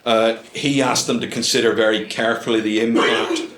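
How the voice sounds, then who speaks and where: A man's voice: on the low side, little pitch movement, a little fast, a bit bright, roomy sound, slight background noise. Wry man giving a talk. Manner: wry, dry asides with many ums and uhs. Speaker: guest speaker. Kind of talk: humorous club talk. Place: club meeting room.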